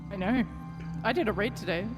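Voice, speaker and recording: A woman in character during a roleplay game, telling a rambling story full of "like" and quick laughs. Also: high-pitched. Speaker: roleplay player.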